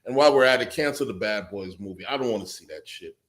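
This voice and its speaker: A man's voice: lowish voice, fast talker. A man on a talk panel ranting in mock outrage, swearing freely and building long riffs. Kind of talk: casual chat.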